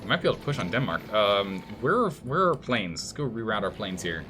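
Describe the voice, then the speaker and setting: Lively low-voiced male game streamer. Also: fast talker, noisy background. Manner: thinks aloud, exclaims and scolds the game's nations. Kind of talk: live gameplay commentary.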